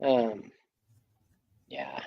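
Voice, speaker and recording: A woman's voice: very deep voice, sing-song, drawn-out words, no echo, highs cut off. A woman hosting a casual live morning stream, playful and giggly, repeating words and reading chat comments aloud.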